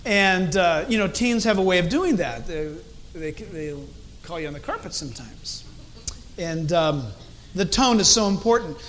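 A middle-aged man preaching a sermon as a pastor, animated and acting out different tones of voice as he speaks. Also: high-pitched, moderate pace.

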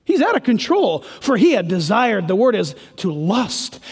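A man's voice: sits high, sing-song, moderate pace, few pauses, husky, in a large hall. A male pastor preaching a sermon, emphatic and full of rhetorical questions.

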